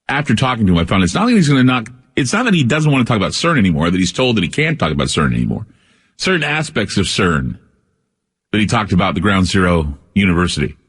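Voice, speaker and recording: A man's voice: sits low, breathy edge, in a large hall. A man hosting a radio talk show, telling a rambling personal story with many restarts.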